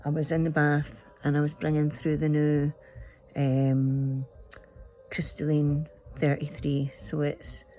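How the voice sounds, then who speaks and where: A woman's voice: low-pitched, vocal fry, mellow. A middle-aged Scottish woman chatting casually and emotionally, rambling through a personal story. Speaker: spiritual vlogger. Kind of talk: casual chat.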